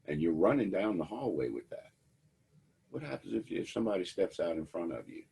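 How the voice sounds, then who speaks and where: Male instructor, very deep husky voice, wry storyteller lecturing a class. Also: sing-song, a little fast, dark tone. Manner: wry, conversational storytelling to students. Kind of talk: lecture with personal anecdotes.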